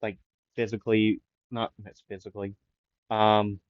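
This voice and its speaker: This man is making up a fan story on the spot, wandering through it with many fillers and restarts while avoiding raising his voice after a sore throat. He speaks a little slowly in a lowish, level tone. The dull lo-fi mic gives a dry sound with no echo.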